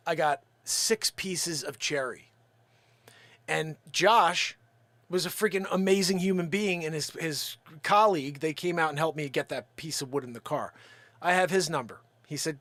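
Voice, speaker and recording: Animated man telling a story, dry close sound. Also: fairly high pitch, no echo. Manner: animated storyteller who acts out his own quotes. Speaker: livestream host and drum builder. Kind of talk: casual storytelling to viewers.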